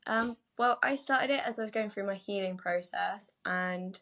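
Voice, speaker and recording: A woman's voice: medium pitch, normal speed, bright, forceful tone. A woman from the UK, a podcast guest, talking in a chatty, giggly way with many fillers. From United Kingdom. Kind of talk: casual podcast conversation.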